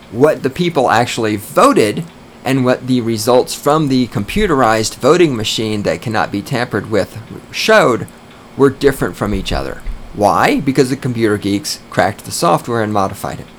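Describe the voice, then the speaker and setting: A man hosting a podcast, delivering an emphatic, opinionated monologue with swearing, slowing down to stress key points. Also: mid-range voice, animated, a little hiss or hum. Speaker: podcast host.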